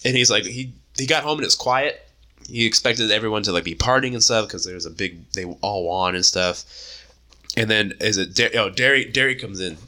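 Man, twenties, bright voice, casual chat, profane animated retelling. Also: on the low side, brisk. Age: 20s. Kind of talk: casual book discussion.

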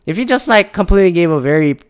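A man's voice: high-pitched, expressive, fast talker, smooth. Profane, heated man ranting. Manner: profane, heated, mimics others in mocking voices. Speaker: commentator. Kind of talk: ranting casual commentary.

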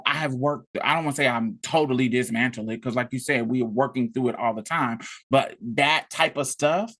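A man's voice: mid-range voice, a bit bright. A man from rural Mississippi, telling a personal story in an intense, profane, emotional way. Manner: intense, profane, tearful at times. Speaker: podcast co-host.

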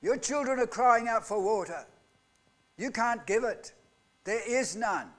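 A man preaching a live sermon in a church. He asks the congregation rhetorical questions and swings between loud outbursts and hushed lines. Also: very high-pitched, lively intonation, a little slow. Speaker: pastor. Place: church hall.

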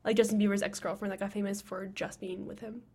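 A young woman co-hosting a podcast in casual chat, bubbly and excitable, often giggling. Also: medium pitch, fast talker, breathy edge. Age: young adult. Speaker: podcast co-host.

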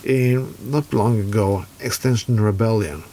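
Angry, swearing Norwegian man, low voice. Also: measured pace, dark tone, a little hiss or hum. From Norway. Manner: heavy swearing, furious and blunt. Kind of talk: angry political rant.

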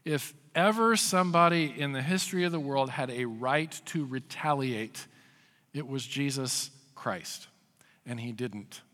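A male pastor preaching a sermon, telling stories with loud acted quotes and dropping to hushed emphasis. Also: mid-range voice, a little slow. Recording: long hall reverb.

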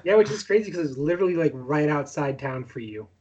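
A man co-hosting a casual podcast, his voice a little higher than most men's and noticeably husky. He talks with wry, blunt banter. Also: expressive, fast talker, a little mellow, muffled recording. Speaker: podcast co-host.

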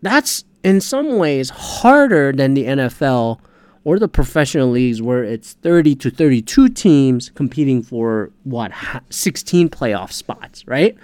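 A man's voice: mid-range voice, expressive, measured pace, darkish tone, clean tone, dry recording. Profane, ranting man on a podcast. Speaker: podcast host. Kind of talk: casual podcast rant.

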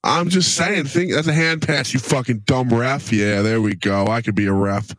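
A wheezing man with a glitchy low robotic distortion on his voice, ranting crudely on a casual sports podcast through a headset mic on an online call. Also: moderate pace, fairly bright tone, no room sound. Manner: crude, grumbling, ranting, profane. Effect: glitchy low robotic voice from computer. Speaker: podcast co-host.

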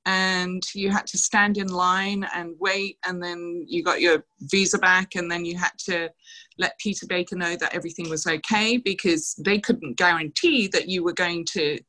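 Bright-voiced woman telling stories. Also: lowish voice, normal speed, rough recording. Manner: animated anecdotes, quoting others with laughs. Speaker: interview guest, former showgirl dancer. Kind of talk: casual storytelling interview.

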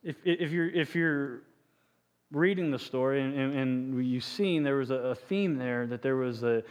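A man's voice: mid-range voice, measured pace, big-room sound. A man preaching a sermon as pastor, stumbling and repeating words, reading scripture aloud and asking the congregation questions.

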